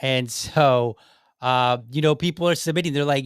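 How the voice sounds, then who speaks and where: A man's voice: mid-range voice, fairly quick, clear, resonant tone, no echo, studio quality. Joking, rambling podcast host, a man. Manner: joking, rambling, with self-mocking asides. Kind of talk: casual political podcast talk.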